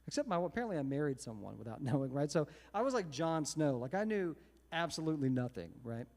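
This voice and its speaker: A man, a singer-songwriter telling a self-mocking story between songs at a live synagogue service, chatty and animated. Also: a little high, fast, gravelly. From Texas. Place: synagogue sanctuary, live event. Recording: reverberant hall with guitar behind.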